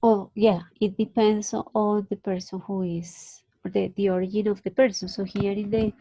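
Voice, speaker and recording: A woman's voice: mid-range voice, little pitch movement, warm tone, no room sound. Colombian woman teaching English, patient. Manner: patient, explains slowly with restarts. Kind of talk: online class explanation.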